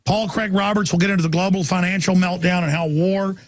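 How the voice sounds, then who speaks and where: A man hosting a talk radio show, delivering an impassioned ranting monologue that swings from shouts down to low murmurs. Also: fairly even intonation, fairly quick.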